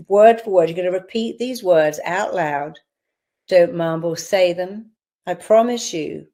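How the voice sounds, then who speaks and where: A woman therapist leading a guided visualization with slow, soothing, repetitive instructions at an online event. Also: lowish voice, mellow. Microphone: online event audio.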